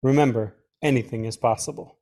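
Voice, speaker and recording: A father reads a children's storybook aloud to his son, gently stopping to explain words. His voice sits at an ordinary middle pitch. The sound is dry and close, with no room echo. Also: fairly even intonation, a little fast. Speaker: father reading to his child, podcast host.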